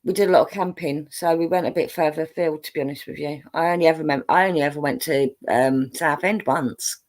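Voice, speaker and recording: A woman's voice: low voice, fairly quick, a little mellow. A woman with a London accent, hosting a casual chat, reading out viewer comments, laughing often and playing up her broad common accent. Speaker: host.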